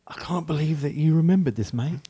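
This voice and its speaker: A man imitating a soft-spoken rock guitarist, low-key and understated. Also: a little fast, slightly rough, no room sound. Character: mild-mannered adult British rock guitarist.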